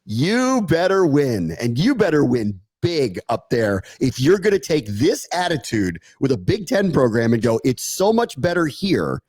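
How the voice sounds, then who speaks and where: A man's voice: mid-range voice, very animated, normal speed, few pauses, darkish tone, no room sound. A man co-hosting a sports podcast, ranting with sarcasm in casual chat.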